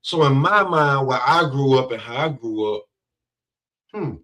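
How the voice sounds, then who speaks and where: Brief: male co-host, rambling profane trash talk over a remote call, mid-pitched. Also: animated, a little slow, a bit bright, low-quality recording. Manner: profane, rambling, heavy on "bro". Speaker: podcast co-host. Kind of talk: casual trash-talk chat.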